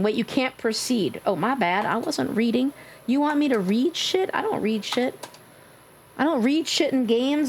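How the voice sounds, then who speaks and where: A high-voiced woman streaming a game live, bantering loudly with her chat and teasing them with plenty of swearing. There is clear noise and game sound behind her voice.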